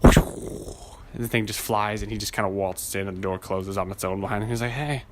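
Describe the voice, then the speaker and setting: A man's voice: fairly low pitch, flat delivery, a little fast, slight background noise. A man hosting a podcast, telling a rambling, profane story and acting out the people in it. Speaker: podcast host. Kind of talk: casual chat.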